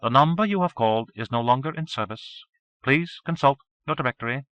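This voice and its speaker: A man's voice: medium pitch, lively intonation, a little fast, a bit bright, dry recording, pitched above the performer's own voice, lightly acted. A man reading an audiobook, voicing a mechanical, formal recorded telephone announcement. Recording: dull 1980s cassette recording.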